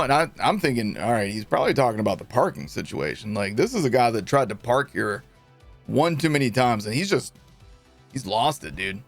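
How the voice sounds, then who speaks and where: A man streaming a game, casually telling his chat a long story, laughing and acting out what people said. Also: mid-range voice. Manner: animated, laughing, acts out quotes.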